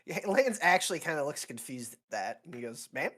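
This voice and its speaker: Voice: mid-range voice, sing-song, a little fast, fairly bright tone. A player with a sore throat describing a character's actions in a tabletop game, with casual, wry asides.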